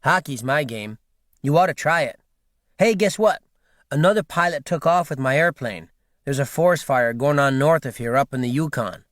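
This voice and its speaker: A man's voice: fairly high pitch, lively intonation, normal speed, a bit bright, no echo, studio quality. A man voicing a cheerful young bush pilot in his twenties, friendly and boastful, in an audiobook. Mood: friendly teasing. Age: 20s.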